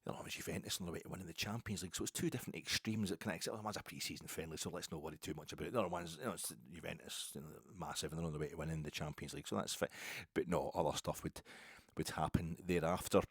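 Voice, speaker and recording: A man's voice: low voice, steady tone, very fast, slightly rough, dry recording, studio quality. A middle-aged man, hosting a solo podcast and rambling from one football story to the next. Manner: rambling, digressive football chat. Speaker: podcast host.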